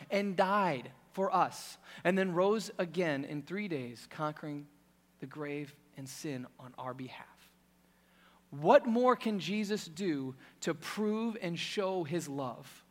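A man preaching a sermon with passion, swinging from loud emphasis to hushed intensity. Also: fairly high pitch, animated, takes it slowly, big-room sound.

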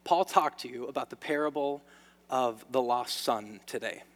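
A man preaching a sermon to his church, swinging between loud emphasis and hushed lines. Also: mid-range voice, moderate pace. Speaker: pastor. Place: church sanctuary. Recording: long reverb of a large hall.

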